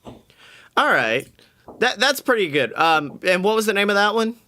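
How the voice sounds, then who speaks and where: A man's voice: sits high, big pitch swings, a little slow, bright, forceful tone. A man co-hosting a podcast in casual chat, blunt and self-mocking, with casual swearing. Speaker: podcast co-host.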